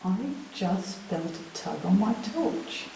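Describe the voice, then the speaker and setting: A woman hosting a live ghost hunt in a dark stone prison cell, chatting nervously to her viewers. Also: lowish voice, lively intonation, slow, gravelly. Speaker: paranormal investigator and host. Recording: very echoey stone room with hiss.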